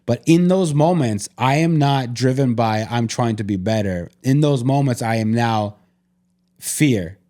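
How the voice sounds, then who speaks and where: A man's voice: mid-range voice, measured pace, mellow. A man co-hosting a podcast, talking earnestly and openly, full of "like" fillers and restarts. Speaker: podcast co-host. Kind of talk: candid conversational podcast.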